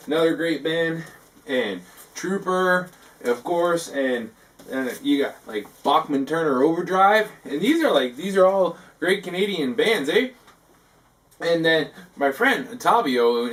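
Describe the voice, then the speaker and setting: Rambling man, a bit high, far off-mic. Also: a bit bright. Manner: halting, full of "like" and tacked-on "eh". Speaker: host of a parody talk segment. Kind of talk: rambling comic monologue.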